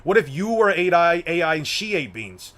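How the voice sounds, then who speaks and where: A young man with a notably high voice streams live to his chat. He swears freely, repeats himself, and stumbles through restarts as he talks. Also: big pitch swings, moderate pace, fairly bright tone. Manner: profane, repetitive, stumbling restarts. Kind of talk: livestream chat.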